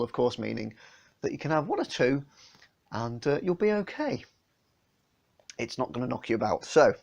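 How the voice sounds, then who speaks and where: This English beer vlogger talks through a tasting in a mid-range, creaky voice, recorded on his phone camera. His manner is homely and casual, and he uses plenty of fillers.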